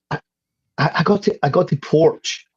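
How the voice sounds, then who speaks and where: A Scottish man in his fifties, a guest in a casual interview, tells a story packed with stuttered restarts and the occasional swear. His voice is fairly high, husky and unhurried, with no echo and the high frequencies cut off.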